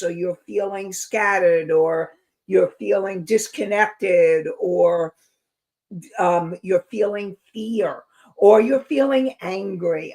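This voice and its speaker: A woman hosting an inspirational talk show, speaking to her listeners in an earnest, reflective way. She takes her time, unhurried, with a voice of middling pitch. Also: a little mellow. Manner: slow, earnest and reflective, addressing listeners directly. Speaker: host.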